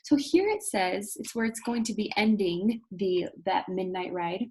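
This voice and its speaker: A woman teacher talks her students through a recorded video lesson. Her voice is slightly husky and sits at a mid pitch. She explains patiently and leans into key moments with storytelling emphasis. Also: lively intonation, a little slow, dark tone.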